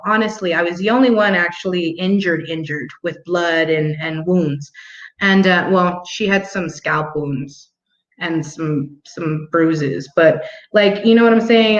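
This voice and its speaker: A woman's voice: fairly low pitch, unhurried. A young adult woman telling a story in a casual monologue, blunt and profane, laughing now and then. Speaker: vlog host. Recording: roomy, muffled home recording.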